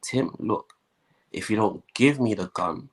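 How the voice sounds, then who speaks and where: A young man, a guest, telling his life story in a lively way and acting out the voices of the people in it. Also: lowish voice, unhurried, breathy edge. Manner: animated storyteller, acts out quoted voices.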